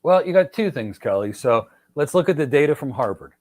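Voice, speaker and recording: A man's voice: a little high, very animated, a little fast, no echo. A middle-aged man hosting a podcast, giving career advice in an emphatic, lecturing way and often addressing listeners directly. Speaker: podcast host and cloud architecture mentor. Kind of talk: energetic advice talk.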